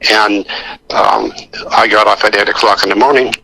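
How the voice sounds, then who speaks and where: A man's voice: fairly low pitch, fairly even intonation, moderate pace, creaky, bright, forceful tone, husky, rough recording. An older man telling rambling anecdotes full of fillers and restarts as a guest in a radio interview. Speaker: actor guest. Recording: radio broadcast recording.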